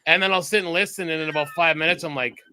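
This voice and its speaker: A man from Texas co-hosting a casual podcast, rambling and animated and swearing a lot. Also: a little high, quick pace, a little hiss or hum. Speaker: podcast co-host.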